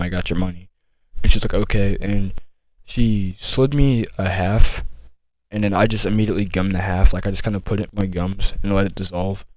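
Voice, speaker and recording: A teenage boy telling a story from his school days, rambling with many fillers and restarts, deliberately slowing his speech. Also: on the low side, a little mellow, no room sound, poor audio. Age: teens. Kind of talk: casual storytime monologue.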